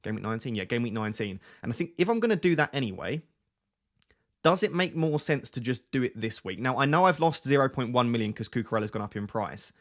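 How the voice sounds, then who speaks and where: A man's voice: medium pitch, very animated, fast talker. A man hosting a casual live stream, chatting and greeting his viewers by name from a small home room. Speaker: fantasy football streamer. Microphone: webcam close on face.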